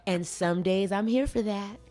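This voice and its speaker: A woman hosting a casual podcast chat, animated and playful, laughing often and teasing herself. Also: medium pitch, moderate pace. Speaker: podcast host.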